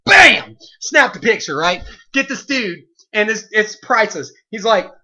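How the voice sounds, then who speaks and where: A man who works as a convenience store clerk, telling a story in an animated, rambling rant full of "like" and "you know". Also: high voice, normal speed, dull audio.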